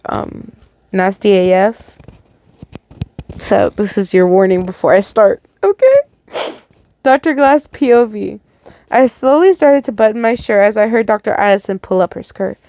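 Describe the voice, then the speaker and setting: A woman reading fan fiction aloud as host, breaking off with animated, reactive asides. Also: mid-range voice, normal speed. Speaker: story reader.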